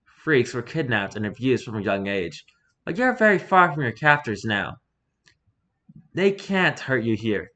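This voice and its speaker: A man voicing a calm male doctor who questions his subject in a quiet, measured way. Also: medium pitch, muffled recording, voice pushed down. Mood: soothing. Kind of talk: reading an interview aloud in character.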